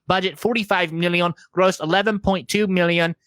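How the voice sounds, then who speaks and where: A man's voice: high-pitched, steady tone, moderate pace, a bit bright, clear, resonant tone, no room sound. A man co-hosting a horror podcast, casually reading off film credits with profane jokes. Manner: profane, jokey. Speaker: podcast co-host.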